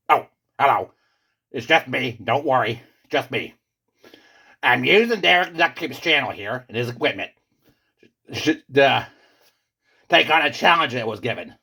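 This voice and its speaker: Man doing a gravelly boastful pizza guy. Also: lively intonation, measured pace, pauses often, pushed and bright, heavily acted. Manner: booming, theatrical, insistent. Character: boastful male pizza character, self-styled great one. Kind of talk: comedy skit.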